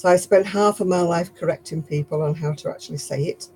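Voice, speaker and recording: A woman's voice: on the low side, a little fast, warm tone, a little hiss or hum, poor audio. A woman with a Lancashire accent hosting a casual live stream while she crochets, chatty and rambling, chuckling at herself. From Lancashire, England.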